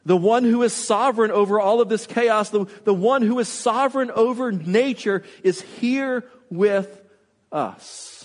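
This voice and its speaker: A man with a high voice delivers an earnest sermon, often pausing to ask the congregation questions and restarting his phrases. His voice rings out with the long reverb of a big church hall. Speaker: pastor. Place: church sanctuary.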